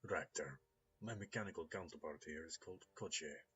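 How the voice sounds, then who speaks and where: A man voicing a cultured, polite Russian rigger, speaking softly, courteously and in a measured way. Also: very deep voice, slight background noise. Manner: soft-spoken, measured and courteous. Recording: slightly dull lo-fi recording.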